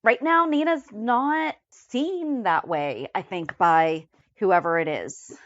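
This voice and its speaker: A woman's voice: medium pitch, slow pace, no echo, dull audio. A woman co-hosting a fan podcast, chatting casually and reading through a list of episode headlines. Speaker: podcast co-host. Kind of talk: casual recap chat.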